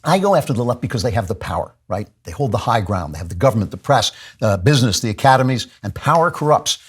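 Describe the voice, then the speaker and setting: Husky man in a fervent monologue. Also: mid-range voice, big pitch swings, quick pace. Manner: fervent, repetitive, with frequent restarts. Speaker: podcast host. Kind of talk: impassioned monologue.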